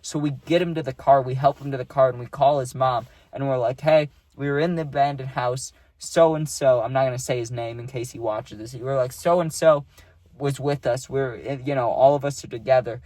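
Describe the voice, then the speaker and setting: A man's voice: medium pitch, fairly even intonation, a little fast, darkish tone, no echo. Young man telling a story, laid-back and slangy. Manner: laid-back, slangy, keeps adding "dude" and "right?". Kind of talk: casual storytime chat.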